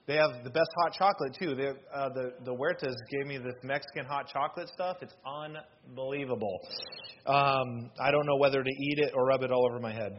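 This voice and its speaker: A man preaching a sermon as pastor, polling the congregation and adding joking asides. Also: mid-range voice. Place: church hall. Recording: dull lo-fi sound with faint noise.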